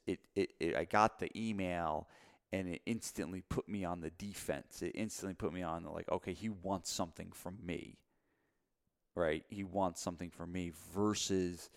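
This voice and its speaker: A gym owner co-hosting a podcast talks casually about running his gym in a deep, clear, resonant voice. He rambles, repeats himself, and says "you know" a lot.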